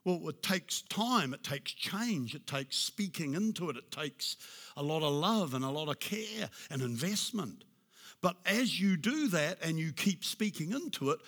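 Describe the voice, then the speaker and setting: A man preaching a sermon in a husky, slightly high voice. He builds to loud, emphatic declarations, then drops to a soft, hushed prayer. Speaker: pastor.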